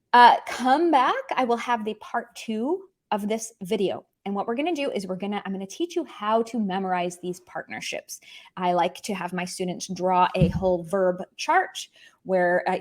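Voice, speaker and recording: A young woman with a medium-pitched voice teaches a language lesson online. She is animated and emphatic, often repeating her key points.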